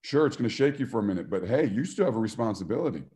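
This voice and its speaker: A man's voice: on the low side, sing-song, racing, mellow. A middle-aged man, a former football player and coach, giving a motivational talk and telling stories, acting out the voices he quotes and laughing often.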